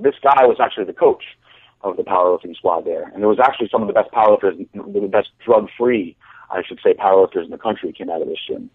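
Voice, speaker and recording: A man's voice: fairly low pitch, fast talker, breathy edge, dry recording. A man in a casual podcast chat, telling a long story and often restarting his sentences. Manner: rambling, repeats words when starting sentences. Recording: dry, phone-like call audio.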